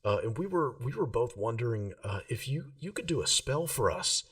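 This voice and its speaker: A man's voice: mid-range voice, lively intonation, moderate pace, fairly bright tone, distant mic, voice pushed up, close to an everyday voice. A man voicing a nervous, starstruck young man who stammers and apologizes. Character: nervous young male fan of wizards.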